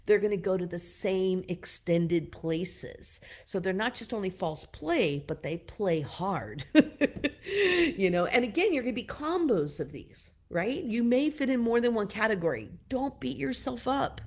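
A woman giving a casual teaching talk, loose and chatty, full of "you know" and "like", giving gentle direct advice to her listeners. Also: mid-range voice, big pitch swings, unhurried. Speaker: wellness teacher.

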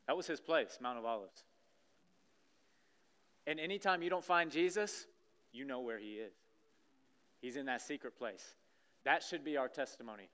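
A man at mid pitch preaches a church sermon with a smooth, resonant voice. He talks animatedly and acts out the scenes he describes. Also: lively intonation, moderate pace, long pauses, a bit bright. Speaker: pastor. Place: church sanctuary stage.

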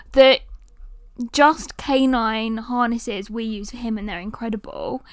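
A woman hosting a podcast, telling a story in a lively, animated way and sometimes cooing at her dog. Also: fairly high pitch, dry recording, clean studio sound. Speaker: podcast host.

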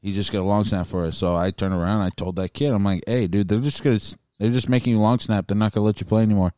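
Brief: young male podcast co-host, low smooth voice, dry close sound, rambling and profane. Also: steady tone, fast, dark tone, no echo. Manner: rambling, swears freely, many restarts. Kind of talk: casual chat.

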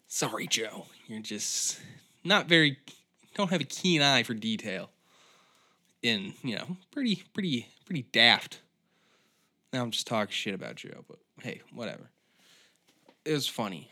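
A male podcast host with a middle-pitched voice, delivering a solo comedic rant. He tells his stories in a loose, rambling way full of profanity. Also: sing-song, a little slow, pauses often, pushed and bright.

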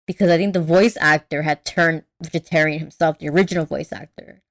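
A woman's voice: sits low, fairly even intonation, brisk. A young woman chatting casually as a podcast co-host, rambling with lots of fillers and restarts. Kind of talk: casual chat.

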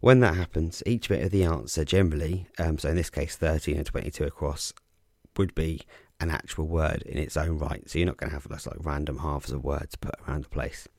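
Very deep gravelly man, casual. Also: brisk, few pauses, no echo, clean studio sound. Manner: relaxed, chatty, frequent ums and self-corrections. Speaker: podcast host explaining crossword clues. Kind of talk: casual explanatory talk.

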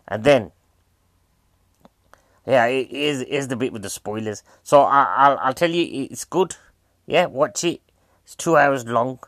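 A British man talks through a film review in a casual, cheeky way and keeps asking the viewer questions. His voice sits at a middle pitch. It is recorded close and dry, with no room sound around it. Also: a little slow, pauses often, fairly bright tone, dry recording. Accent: British English.

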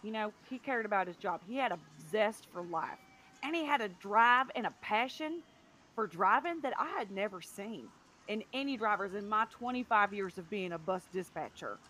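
Performer doing a bus dispatcher man, middle-aged, folksy, rambling, bright tense voice. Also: medium pitch, lively intonation, normal speed, a little hiss or hum. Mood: earnest. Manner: folksy, rambling, speaks in a plain working-class way. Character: gruff middle-aged male bus dispatcher, proud and blunt. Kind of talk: improvised comedy character.

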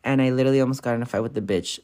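A woman's voice: a bass voice, very fast, warm tone. A young woman vlogger telling stories in a casual, rambling way, swearing freely and filling her talk with constant "like"s. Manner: profane, rambling, filler-heavy with constant "like". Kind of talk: casual storytelling vlog.

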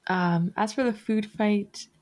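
A woman's voice: mid-range voice, takes it slowly, a little mellow. A woman hosting a podcast in casual chat, rambling and correcting herself often, with many fillers. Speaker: podcast host.

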